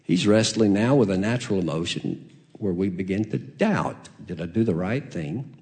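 Animated preacher man, big swings. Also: deep voice, moderate pace. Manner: dramatic swings from hushed to loud preaching. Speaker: pastor. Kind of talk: sermon.

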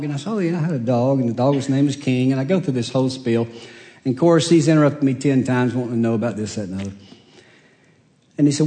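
A man's voice: mid-range voice, fast, mellow. An older man, a pastor telling homespun jokes and family stories in a sermon. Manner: homespun joke-telling, chuckles at own punchlines. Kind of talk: sermon with folksy storytelling. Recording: long reverb of a church hall.

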